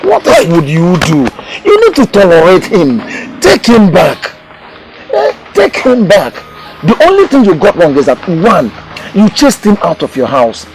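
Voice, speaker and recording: An elder brother reasons with his angry sibling in a village drama. His high voice swoops animatedly, in a Nigerian accent, over loud music. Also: huge pitch swings, unhurried, exaggerated voice, poor audio. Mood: counseling. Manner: reasoning, counseling. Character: calm elder brother giving counsel. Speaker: brother and mediator.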